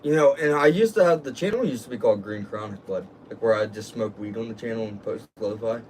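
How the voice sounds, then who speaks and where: A man's voice: on the low side, fast, a little mellow. A young man co-hosting a casual livestream, telling stories with lots of swearing and laughter. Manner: laughing, swearing, storytelling with voices. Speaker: livestream co-host. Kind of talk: casual stoner chat. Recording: distant mic with faint background noise.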